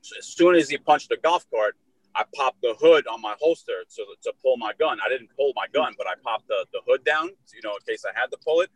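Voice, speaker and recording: A young man co-hosting a casual podcast, telling a long story full of swearing and filler words, and loudly acting out the shouted lines of the people in it. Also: mid-range voice, expressive, a little fast, breathy edge, no room sound, rough recording. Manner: profane, rambling, with heavy fillers; acts out shouted quotes in a raised voice. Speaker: podcast co-host.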